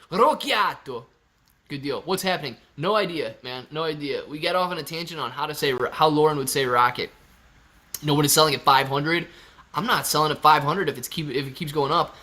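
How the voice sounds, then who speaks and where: A man's voice: fairly high pitch, sharp tone. A young man hosting a casual live stream, joking around and reading viewer chat aloud. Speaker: livestream host.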